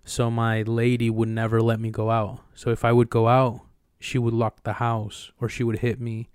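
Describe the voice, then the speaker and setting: Flat-voiced smooth young man telling stories. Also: mid-range voice, normal speed, no echo, clean studio sound. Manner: profane, animated storyteller. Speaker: podcast co-host. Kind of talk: casual storytelling chat.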